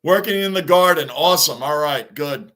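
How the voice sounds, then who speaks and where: A man's voice: on the high side, normal speed, fairly bright tone. A man hosting a live stream, chatting casually as he reacts to a baseball game and reads viewer comments aloud, sounding like a frustrated fan.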